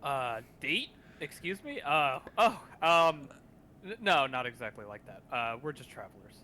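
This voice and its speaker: A man doing a flustered bright-voiced traveler. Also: on the high side, big pitch swings, unhurried, voice pushed up, exaggerated voice. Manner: hesitant, flustered. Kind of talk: playing his character at the table.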